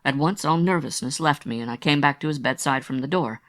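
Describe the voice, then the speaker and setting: A man narrating a literary audiobook in a measured, confessional storytelling manner. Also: a little high, a bit bright.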